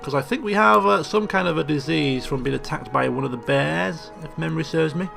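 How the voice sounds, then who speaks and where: A man's voice: fairly high pitch, brisk, creaky. A man giving chatty, joking commentary as he plays a video game. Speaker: let's play host. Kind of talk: casual gameplay commentary. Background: game music.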